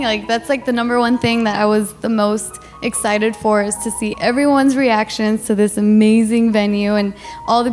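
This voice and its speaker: A woman's voice: mid-range voice, darkish tone. A woman giving her wedding toast as the bride, emotional and fighting back tears, laughing between lines. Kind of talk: heartfelt wedding speech.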